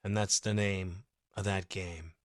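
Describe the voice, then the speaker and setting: A man's voice: deep voice, steady tone, a little slow, no echo, studio quality. A man hosting a fan podcast, reading listener comments and ranting emotionally, swearing freely in a casual monologue.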